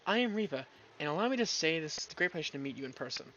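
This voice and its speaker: A man's voice: on the high side, animated, rapid-fire, pushed and bright, dull audio, slight background noise. A man voicing a polite, starstruck young woman who is a gaming fan, speaking in formal, gushing phrases.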